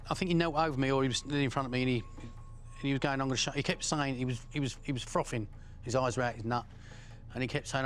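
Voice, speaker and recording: A man's voice: mid-range voice, slight background noise. A man, speaking bluntly in an interview and recounting his past with frequent fillers.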